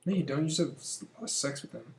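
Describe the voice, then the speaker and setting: A man's voice: mid-range voice, rapid-fire, darkish tone. A young man co-hosting a casual podcast, reading a script aloud and teasing his friend with crude jokes. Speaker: podcast co-host.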